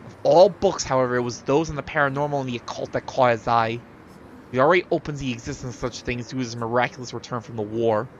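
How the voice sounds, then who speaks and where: A streamer quietly reading a game's character profile aloud, with small stumbles. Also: medium pitch, fast talker, lo-fi sound, slight background noise. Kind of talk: reading game text aloud on a livestream. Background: game music.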